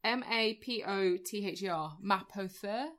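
A woman's voice: mid-range voice, unhurried, a bit bright. A woman in casual chat about a film, talking in a chatty, joking, rambling way.

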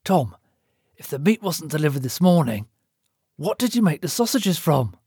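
Man doing gruff worried butcher, audio drama, dry close sound. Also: on the high side, sing-song, moderate pace, darkish tone, no echo, heavily acted. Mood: tense. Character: worried middle-aged male butcher.

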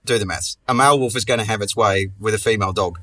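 A man's voice: lowish voice, quick pace, fairly bright tone, far from the mic. A man hosting a comedy podcast, telling a long story in a rambling, sweary way and restarting his sentences often. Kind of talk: casual comic storytelling.

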